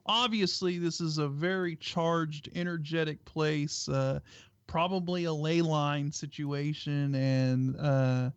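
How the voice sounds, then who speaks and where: A man's voice: fairly high pitch, fairly even intonation, slow, clear, resonant tone, no room sound, highs cut off. A man co-hosting a talk radio show, thinking aloud with lots of fillers and tag questions. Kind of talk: casual talk-radio discussion.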